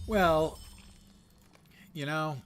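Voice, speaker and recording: A man's voice: on the high side, extremely slow, a bit bright, faint music behind. An older man casually commenting on his gameplay while streaming, chatty and wry, with muttered asides to chat. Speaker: game streamer.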